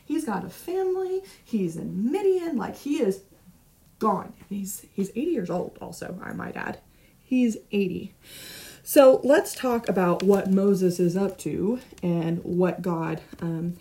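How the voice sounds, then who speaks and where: A young woman teaches a Bible study in a relaxed, conversational way. She reads passages aloud, then talks them over with lively emphasis and keeps checking in with her listeners. Her voice sits at a middle pitch. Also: creaky. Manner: conversational, animated, asks frequent "right?" tag questions. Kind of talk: casual Bible study teaching with scripture reading.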